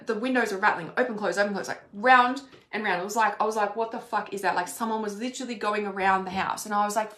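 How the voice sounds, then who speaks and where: A woman's voice: medium pitch, a bit bright. A woman telling a personal story in a casual, chatty way, swearing freely and saying "like" often. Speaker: spiritual content creator. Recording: roomy echo.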